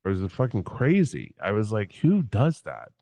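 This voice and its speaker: A man telling a story on a casual livestream, animated and profane, acting out the quotes in his tale. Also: on the low side, moderate pace, vocal fry, no echo. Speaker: guest.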